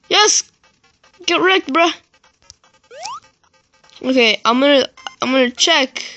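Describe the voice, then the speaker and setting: A gaming YouTuber with a high-pitched voice rages through gameplay commentary, swearing and yelling in frustration and muttering to himself between outbursts.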